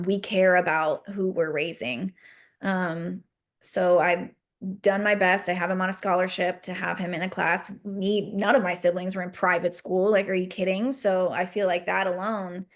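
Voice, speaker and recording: Earnest young mother, open and rambling. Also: fairly low pitch. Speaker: podcast guest. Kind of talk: candid interview talk.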